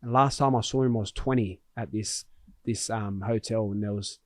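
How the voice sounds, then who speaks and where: A man's voice: fairly low pitch, fairly even intonation, moderate pace, no echo. Earnest man telling a story. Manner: earnest, heartfelt, with frequent restarts. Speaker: podcast host. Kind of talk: conversational storytelling.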